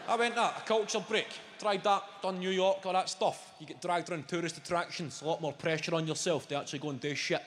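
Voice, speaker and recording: A man's voice: high-pitched, fairly even intonation, quick pace, hardly any pauses, a little hiss or hum. Sweary Scottish man doing stand-up. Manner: brash, sweary, storytelling. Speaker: stand-up comedian. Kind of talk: stand-up routine. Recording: roomy venue, loud audience laughter.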